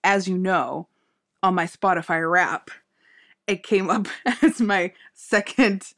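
Woman co-host, fairly low voice, earnest, enthusiastic, casual podcast chat. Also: takes it slowly, fairly bright tone.

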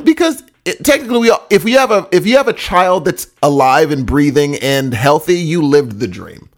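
A man co-hosting a casual podcast, rambling and enthusiastic, quick to laugh. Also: fairly high pitch, animated. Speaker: podcast co-host.

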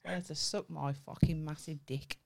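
A woman's voice: deep voice, steady tone, vocal fry, darkish tone. Brash sweary Birmingham woman. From England. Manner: brash, sweary, quick to laugh. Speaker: podcast co-host. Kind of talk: casual chat.

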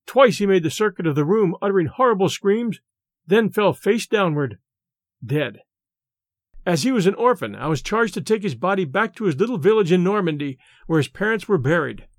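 High-voiced man narrating stories. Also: lively intonation, normal speed, dry recording, studio quality. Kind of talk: scripted story narration.

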